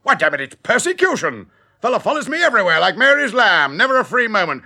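A blustering old magistrate. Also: male voice, sits high, very animated, fast talker, vocal fry, bright, forceful tone, heavily acted. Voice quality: blustering, sputtering. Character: pompous elderly English magistrate, blustering and suspicious. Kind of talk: radio play acting.

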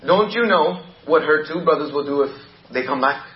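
A man's voice: on the high side, animated, normal speed, reverberant, highs cut off, voice pushed down, close to an everyday voice. A man voicing a scheming male devil who whispers temptations in a coaxing, persuasive way. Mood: menacing.

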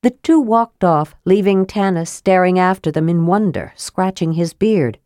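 A woman narrating an audiobook in an even storytelling manner, close to the mic. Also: on the low side, measured pace, hardly any pauses, dry recording. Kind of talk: scripted narration.

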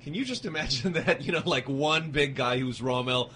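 Male radio co-host, bright tone, rambling self-corrections, frequent laughter. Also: medium pitch, moderate pace, a little hiss or hum. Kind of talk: casual joking chat.

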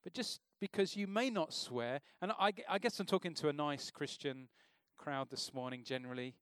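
A man's voice: fairly high pitch, normal speed, a bit bright, clear, resonant tone, dry recording, clean studio sound. A man preaching an informal sermon in a church, talking conversationally and asking the congregation questions.

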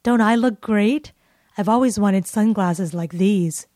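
A woman's voice: medium pitch, takes it slowly, dark tone, dry recording, clean studio sound, lightly acted. A woman voicing a bossy shopping companion in a scripted dialogue, teasing and pushy.

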